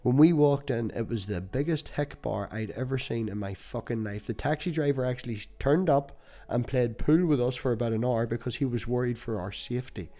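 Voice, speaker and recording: A man's voice: mid-range voice, fairly quick, dark tone. A young Irish man hosting a casual podcast chat, telling stories, swearing freely and laughing easily. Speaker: podcast host.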